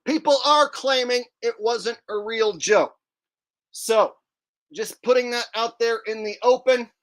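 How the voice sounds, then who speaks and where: A man's voice: sits high, a bit bright. A man hosting a joking live stream commentary, chatting directly to his viewers. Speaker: streamer and host.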